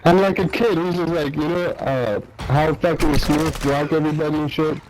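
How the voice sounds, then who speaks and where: A man's voice: a little high, steady tone, normal speed. A man in casual gaming chat, blunt and profane as he complains about other players. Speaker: gaming friend. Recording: noisy background.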